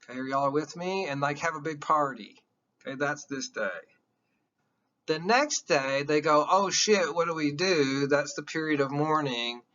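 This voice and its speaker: A man giving a classroom lecture in an excitable, emphatic way, often checking that his listeners follow. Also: on the high side, normal speed, muffled recording.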